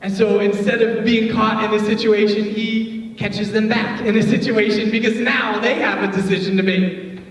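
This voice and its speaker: A youth pastor from Detroit giving a casual, joking sermon, chatty and full of filler words. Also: male voice, high voice, little pitch movement, moderate pace. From Detroit, USA. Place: church hall. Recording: echoey hall, voice from far off, faint noise.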